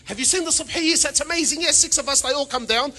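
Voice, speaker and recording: A man giving a humorous religious talk to an audience, animated and full of rhetorical questions, with Arabic phrases mixed in. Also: extremely high pitch, fast. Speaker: panel speaker.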